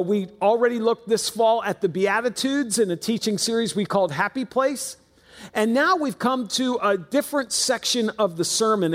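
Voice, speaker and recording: A middle-aged man preaching a sermon as pastor, telling a family story with folksy, wry humor. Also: high voice. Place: church auditorium. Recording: long reverb of a large hall.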